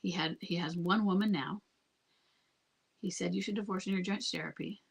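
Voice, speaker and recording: Husky woman giving calm marriage advice. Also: on the low side, normal speed. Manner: calm, earnest, repeats herself. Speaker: marriage coach. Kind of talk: live Q&A advice.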